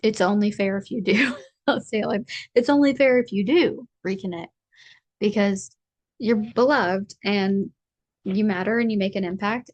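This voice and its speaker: A woman's voice: medium pitch, darkish tone, dry recording. A woman giving a casual collective tarot reading, chatty and rambling, with a playful streak. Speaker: tarot reader.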